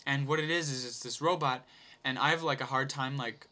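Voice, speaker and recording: A man's voice: mid-range voice, steady tone, a little fast, bright, forceful tone. A man telling a long, rambling story in a casual, off-the-cuff way, swearing and laughing easily.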